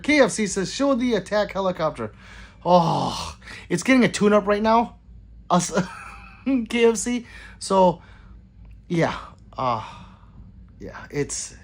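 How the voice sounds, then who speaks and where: A man hosting a casual livestream, reading viewer comments aloud in a rambling, apologetic way and muttering between them. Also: high-pitched. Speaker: gun channel livestream host.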